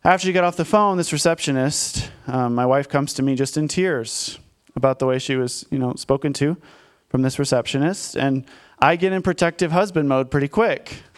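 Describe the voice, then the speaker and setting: A man's voice: on the high side, normal speed, clean tone. Candid, self-deprecating male pastor. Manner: candid, self-deprecating storytelling with frequent fillers. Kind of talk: conversational sermon with personal story.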